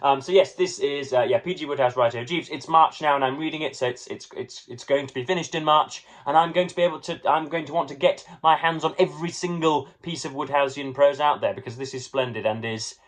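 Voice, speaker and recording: A man's voice: on the high side, brisk, hardly any pauses. A young man chatting casually to camera about his reading, wordy and playfully grandiose, full of ums and restarts. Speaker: book vlogger.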